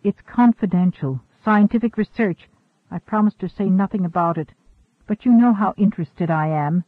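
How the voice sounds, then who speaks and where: A man reads an ageless, secretive woman scientist who speaks in a calm, measured, quietly firm way. The voice sits high, with a tinny, phone-like narrow band. There is no room sound at all. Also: dry recording. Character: centuries-old secretive woman scientist, composed and cool.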